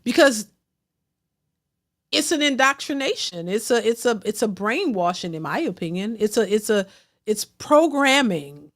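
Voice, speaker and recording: A woman's voice, a touch higher than average, pressing her point in a casual commentary rant. She repeats herself for emphasis, preaches, and slips into mocking voices. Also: expressive, a little slow, a bit bright. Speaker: reaction channel host.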